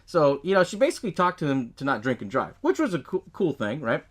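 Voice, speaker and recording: A man's voice: a little high, huge pitch swings, fast talker, husky. A man hosting a podcast, recapping a movie in a loose, profane way and laughing often as he tells it. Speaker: podcast host.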